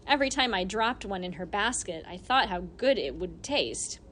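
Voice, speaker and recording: A woman narrating an audiobook in the first person, telling the story in an animated, expressive way. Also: medium pitch, normal speed, a little hiss or hum.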